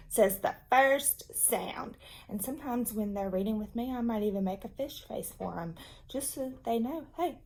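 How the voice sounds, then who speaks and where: A woman's voice: fairly high pitch, warm tone. A woman teacher patiently explaining reading strategies to young children and their parents. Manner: slow, patient, demonstrative explanation.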